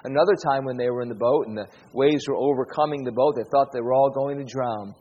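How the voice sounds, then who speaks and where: Husky-voiced male preacher in an echoey hall. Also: medium pitch, fast, darkish tone. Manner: earnest, repeating key phrases and asking rhetorical questions. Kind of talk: sermon. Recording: dull, echoey hall recording.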